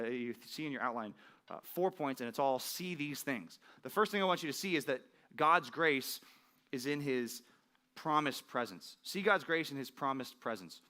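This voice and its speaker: A man's voice: medium pitch, bright, forceful tone. A man preaching a sermon in a conversational way, often asking "right?" and acting out the scripture quotes. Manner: acts out scripture quotes with rising emphasis. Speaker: pastor.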